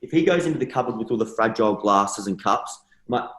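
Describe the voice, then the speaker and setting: Animated man in a roomy space. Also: fairly low pitch, fast. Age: young adult. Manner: animated storyteller, acts out dialogue in shifting voices. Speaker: interview guest. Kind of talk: casual conversational interview.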